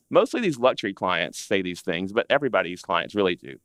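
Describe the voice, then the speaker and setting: A man's voice: low-pitched, fairly quick, few pauses, dry recording. Guy giving a design business talk, voice jumps all over, super dry close mic. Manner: animated, conversational, acts out clients' complaints. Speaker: interior design business educator. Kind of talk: live presentation to a seated audience.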